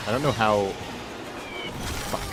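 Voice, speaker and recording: A man hosting a casual live stream, chatting while he plays a game and breaking into loud swearing outbursts at it. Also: on the low side, a little slow, over music. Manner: excitable, swears and shouts at the game. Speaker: streamer and show host.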